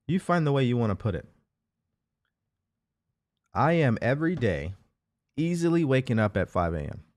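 A man's voice: medium pitch, big pitch swings, normal speed, pauses often, darkish tone, dry recording. A man hosting a motivational live show, talking earnestly and repeating phrases as he coaches listeners. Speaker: host.

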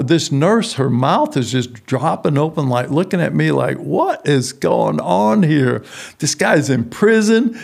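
A man's voice: mid-range voice, vocal fry, a little mellow. A middle-aged man, a prison ministry founder, telling a personal story in an interview and acting out the voices of the people in it.

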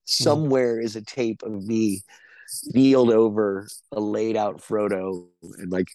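Middle-aged man, low and dry, guest telling loose stories, lots of ums. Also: fairly even intonation, unhurried, mellow, dry recording. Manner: rambling anecdotes with fillers and restarts. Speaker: actor guest. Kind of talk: casual interview chat.

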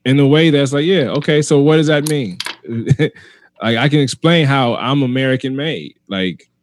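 A man's voice: mid-range voice, moderate pace. A man, a comedian, talking in a casual chat, arguing his point emphatically and repeating himself as he goes.

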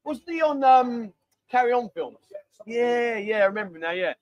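A high-pitched man in his forties bantering through a casual live stream. His voice is dry and close, with no room around it. He calls out names and reads messages in chatty bursts. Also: expressive, moderate pace, no room sound, dull audio. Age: 40s. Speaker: livestream host. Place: busy bar.

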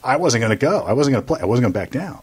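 A middle-aged man chats on a podcast and tells his story with animated energy, taking on the voices of the people in it. His voice is husky and slightly rough. His pitch swings widely from low to high as he talks. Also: rapid-fire. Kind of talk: casual chat.

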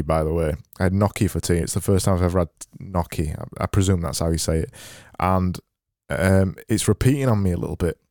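A man hosting a solo comedy podcast, rambling deadpan and mocking himself, into a boom-arm mic. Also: no echo, clean studio sound. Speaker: podcast host.

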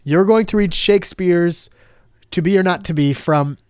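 A man's voice: high voice, moderate pace, darkish tone, clean tone, no echo, clean studio sound. A man hosting a casual chat, talking hesitantly and repeating himself as he stalls.

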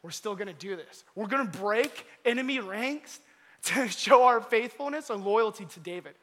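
A man's voice: sits high, expressive, moderate pace, a bit bright, a little hiss or hum. A man doing eager, bold warriors. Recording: long hall reverb.

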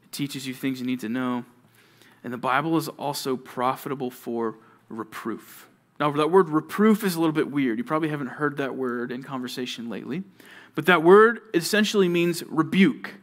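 A male youth pastor preaching to junior high students, telling stories with animation and talking straight to his listeners. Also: moderate pace. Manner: animated storytelling, addresses listeners directly.

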